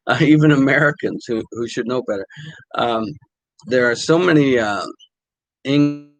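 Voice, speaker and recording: An older man, a language teacher, talking casually and haltingly with many fillers while reading quotes aloud. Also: mid-range voice, dry recording, rough recording.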